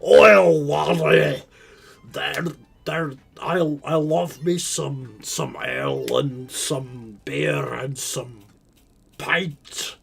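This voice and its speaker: A rowdy, ale-swilling dwarf sailor, put on by a man, booming in a thick caricature Irish-Scottish dwarf accent. He talks loud and drawn out, pitched well above a normal speaking voice, every word hammed up. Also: fairly even intonation, very slow, gravelly, exaggerated voice. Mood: boisterous. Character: boisterous ale-loving male dwarf sailor.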